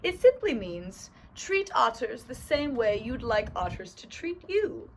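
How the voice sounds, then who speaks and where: Lady doing a slow wise owl with some made-up accent, singsongy. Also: fairly high pitch, very animated, slight background noise, pitched above the performer's own voice. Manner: slow, sing-song put-on accent. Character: wise old owl giving calm advice.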